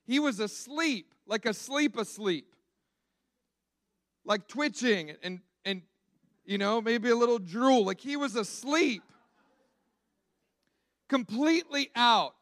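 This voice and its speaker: High-voiced man preaching in a chatty way. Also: fairly bright tone, no echo. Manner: conversational, emphatic, repeats words as he restarts. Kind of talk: sermon.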